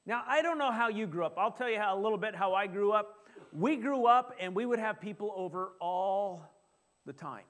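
A middle-aged male pastor preaching a sermon in a church, lively and joking, often asking the congregation questions. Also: high voice, normal speed. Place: church sanctuary.

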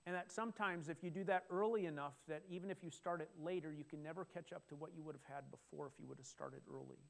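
A middle-aged man preaching a sermon, talking in a conversational way with restarts and sudden excited exclamations. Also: fairly high pitch, quick pace, gravelly. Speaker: pastor.

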